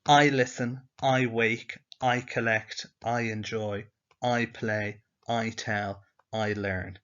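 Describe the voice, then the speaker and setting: A man teaching a language lesson with slides speaks slowly in a low-leaning, level voice with a fairly bright tone. He explains patiently, one step at a time, asking the learner questions, and the audio is dull lo-fi.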